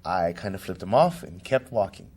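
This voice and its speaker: A man's voice: deep voice, big pitch swings, moderate pace, darkish tone. A man being interviewed as a political candidate, telling a personal story vividly and acting out the voices of the people in it. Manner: vivid, acts out quoted voices.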